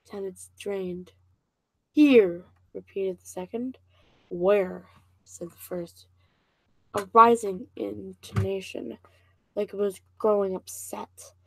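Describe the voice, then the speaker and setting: A woman's voice: medium pitch, steady tone, takes it slowly, creaky, sharp tone, rough recording. A woman casually reading a novel aloud, stumbling and restarting over words now and then. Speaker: reader and channel host.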